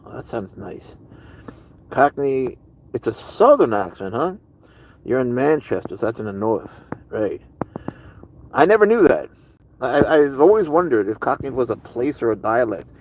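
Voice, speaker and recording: A man chats casually on a live stream, reading and answering his viewers' comments. He talks in a loose, rambling way and sounds curious about the people he is talking to. His pitch sits in an ordinary middle range. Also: sing-song, normal speed, pauses often, darkish tone, slight background noise, poor audio.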